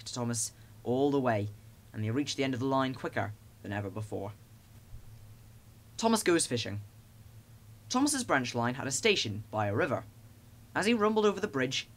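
A man narrating a children's storybook in a lively, expressive way. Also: medium pitch. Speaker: audiobook narrator.

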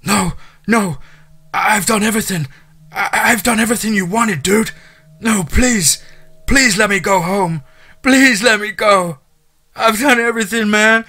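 A man's voice: sits high, very fast, few pauses, pushed and bright, voice pushed up, exaggerated voice. A man voicing a terrified, broken young man in a horror story, stammering, whimpering and crying as he begs. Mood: pleading sobs.

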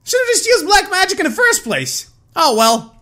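A young man giving excited, loud gameplay commentary as a gaming video host. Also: extremely high pitch, moderate pace. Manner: hyped, loud exclamations and laughter. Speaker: gaming YouTuber. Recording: background music under voice.

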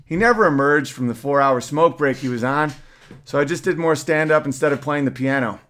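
Man, podcast host, reads his memoir aloud, wry asides, plain steady voice. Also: mid-range voice, a little fast. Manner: wry storytelling with side remarks.

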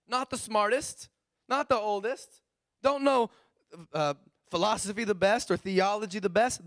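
A man preaching a sermon as pastor, animated and acting out the voices of the people he describes. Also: sits high, moderate pace, no echo, clean studio sound. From California. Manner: animated, acts out quoted voices.

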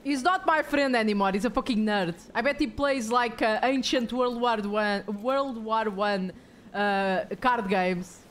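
A woman live-streaming a horror game, with excitable, jokey commentary and plenty of swearing. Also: fairly high pitch, a little slow, a little hiss or hum.

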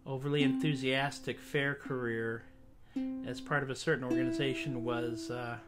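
A man's voice: mid-range voice, level tone, normal speed, loud music behind the voice. A man hosting his own casual livestream show, chatting wryly and self-deprecatingly on a webcam between songs. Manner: wry, self-deprecating, rambling. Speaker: singer-songwriter host. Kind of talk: casual solo livestream chat.

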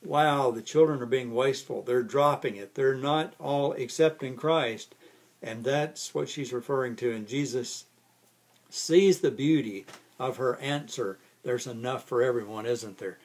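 A man's voice: medium pitch, a little slow, a little mellow. A man pastor giving a casual, conversational Bible study, often restarting words and chuckling lightly as he explains.

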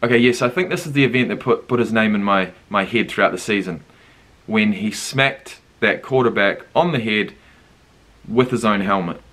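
A young man with a New Zealand accent, hosting a casual reaction video and thinking aloud with lively surprise. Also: fairly low pitch, moderate pace. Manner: animated, thinks aloud, laughs and swears in surprise.

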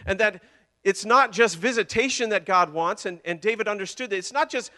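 A man preaching a sermon with passion, repeating words and swinging between loud declarations and hushed lines. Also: high voice, fairly quick. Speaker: pastor.

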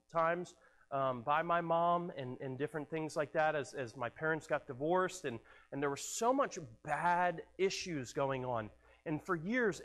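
Male pastor, high voice, earnest sermon delivery with repeated words, church hall with long reverb. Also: fairly bright tone. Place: church sanctuary.

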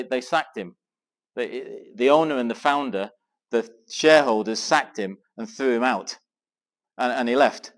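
A middle-aged man from England telling an animated personal story to a Christian men's gathering, acting out the dialogue as he goes. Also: medium pitch. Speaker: speaker at a men's Christian weekend. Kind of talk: storytelling talk to a live audience.

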